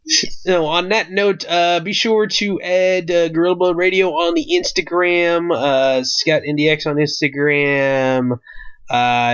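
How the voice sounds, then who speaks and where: A man hosting a casual podcast chat, loose and easygoing and quick to laugh. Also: fairly high pitch, a bit bright, clean tone. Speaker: podcast host. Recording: dull lo-fi mic.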